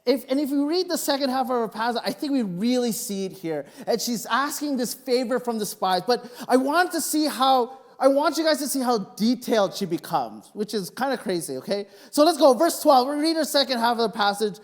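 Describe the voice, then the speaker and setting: A male pastor preaching a sermon, telling personal stories in an animated, joking way. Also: very high voice, fairly quick, hardly any pauses. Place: church sanctuary. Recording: long reverb of a church hall.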